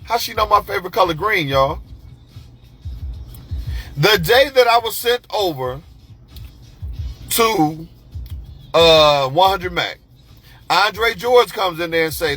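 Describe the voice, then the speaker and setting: A man telling a personal story in a casual monologue, animated and profane, acting out the other people's lines. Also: high-pitched, a little slow, pauses often, husky, soft background music. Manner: animated, profane, acts out quoted voices.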